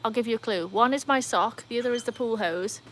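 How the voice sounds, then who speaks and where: A woman hosting a casual livestream by her pool, chatting excitedly and answering viewer comments. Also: fairly high pitch, fast, slight background noise. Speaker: livestream host. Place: outdoors by a backyard pool. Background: faint outdoor ambience, dogs.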